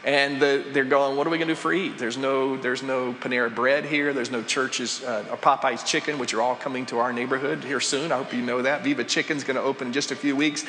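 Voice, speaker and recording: A man's voice: mid-range voice, little pitch movement, brisk, few pauses, pushed and bright, slight background noise. A man preaching a sermon as pastor, chatty and conversational, putting questions to the congregation. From United States. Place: church sanctuary. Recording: live church hall with long reverb.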